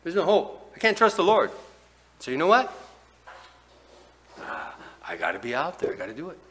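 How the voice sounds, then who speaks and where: A preacher acting out a desperate backslider. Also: male voice, mid-range voice, huge pitch swings, normal speed, bright, forceful tone, voice pushed up. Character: despairing backslidden believer, man, self-reliant.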